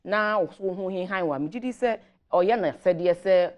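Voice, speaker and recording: Ghanaian woman, lowish voice, measured policy explainer on a morning show, switches Twi and English. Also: muffled recording. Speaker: government guest commentator.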